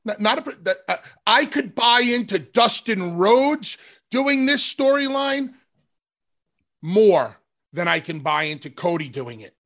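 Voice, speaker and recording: A man's voice: high-pitched, sing-song, unhurried, fairly bright tone. A man hosting a talk show, emphatic and talking over others. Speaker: host.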